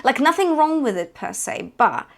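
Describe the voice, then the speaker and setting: A woman's voice: high voice, very animated, normal speed, vocal fry. A woman giving an online singing lesson. She explains techniques and breaks into short sung demonstrations, often checking in with a questioning "yeah?". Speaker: singing teacher.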